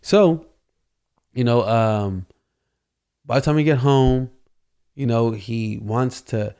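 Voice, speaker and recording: A man's voice: mid-range voice, slow, dark tone, clear, resonant tone. A man hosting a podcast, telling a casual story and rambling with constant "you know" fillers. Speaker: podcast host.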